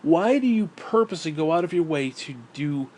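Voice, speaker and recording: A man's voice: on the high side, lively intonation, normal speed, a little mellow, slight background noise. A middle-aged man in a casual monologue, ranting in a bitter, profane, rambling way. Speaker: vlogger.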